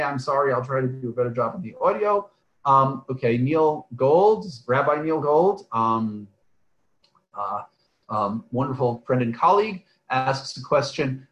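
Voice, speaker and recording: A man's voice: medium pitch, roomy sound, poor audio. A man teaching an online class, talking in a discursive way, often asking "right?" and trailing off with "um". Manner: discursive, often adds "right?" and "um", restarts phrases. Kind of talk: online lecture with questions from the chat. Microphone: video call.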